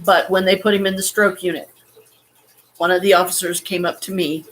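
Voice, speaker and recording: Woman vlogger, halting and near tears, swearing as she talks. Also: fairly low pitch, flat delivery. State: holding back tears. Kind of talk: emotional personal story.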